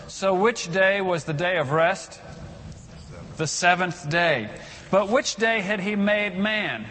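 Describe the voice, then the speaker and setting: A man's voice: high voice, measured pace, sharp tone, big-room sound, slight background noise. A man giving a sermon as pastor in a conversational way, leading the congregation in reciting scripture aloud.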